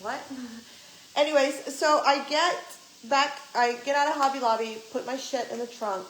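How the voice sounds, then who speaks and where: Young woman venting on her vlog, kinda high voice, swears a lot, echoey room w faint hiss. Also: steady tone, unhurried, fairly bright tone. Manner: ranting, swears freely, retells quotes. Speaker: vlogger. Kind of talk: casual storytime chat.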